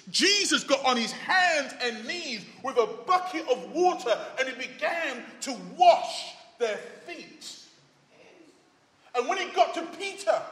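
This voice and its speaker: A man delivers a sermon in a high, bright, lively voice that rises and falls widely. He takes his time, with dramatic swings from loud exclamations to hushed low asides. A long reverb trails each phrase, as in a large hall. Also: slow pace, pauses often. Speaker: preacher.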